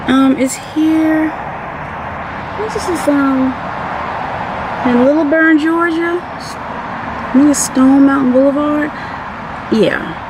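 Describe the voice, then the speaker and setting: A woman's voice: high voice, slow pace, long pauses, noisy background. A school librarian, chatting casually and rambling as she vlogs into a handheld phone camera. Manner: rambling, chatty, self-interrupting. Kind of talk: casual vlog chat.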